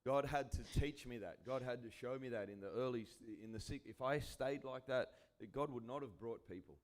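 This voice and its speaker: A man's voice: medium pitch, a little fast. A man with an Australian accent, a pastor hosting a casual church interview, talking earnestly with frequent restarts.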